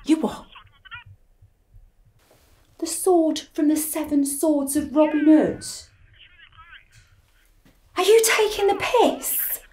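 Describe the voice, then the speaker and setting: A woman's voice: high-pitched, expressive, slow pace, pauses often, a little mellow, a little hiss or hum. A woman playing a foul-mouthed, exasperated treasure hunter who argues and swears. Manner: exasperated, sweary, arguing on a call.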